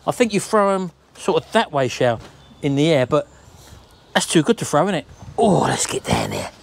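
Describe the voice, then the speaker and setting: A man's voice: on the high side, wildly swooping pitch, moderate pace, gravelly, slight background noise. A middle-aged man, chatting casually to camera at home, jokey and rambling. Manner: chatty, rambling, jokey, calls wife baby. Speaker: vlogger host.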